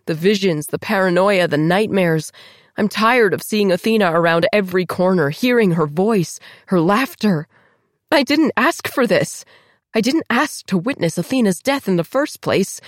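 Low-voiced woman narrating an audiobook. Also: dry recording, clean studio sound. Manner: tense, emotional reading. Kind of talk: first-person audiobook narration.

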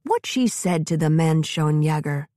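Woman doing a low, complacent old grandma. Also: animated, unhurried, mellow, no echo, studio quality. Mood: musing.

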